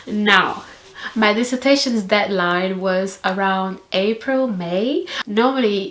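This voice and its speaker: A young woman, telling a story vlog in an animated, sassy way. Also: medium pitch, echoey room. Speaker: vlogger.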